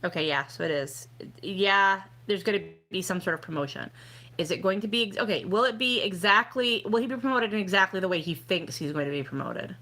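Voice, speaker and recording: A woman's voice: medium pitch, a little fast, bright, forceful tone. A middle-aged woman chatting casually on a live stream, rambling with lots of "like" and "you know" as she gives fortune readings.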